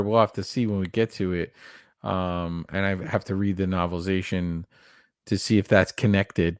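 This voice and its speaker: A man's voice: sits low, no echo, studio quality. A man co-hosting a podcast, chatting casually in an earnest, reflective way and thinking aloud with restarts. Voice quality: gravelly. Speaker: podcast co-host. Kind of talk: casual chat.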